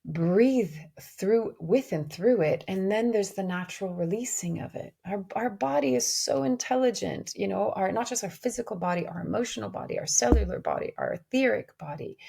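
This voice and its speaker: Gravelly, earnest woman musing aloud. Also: on the low side, darkish tone. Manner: earnest, searching, with frequent restarts. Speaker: podcast host. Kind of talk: reflective spiritual podcast monologue.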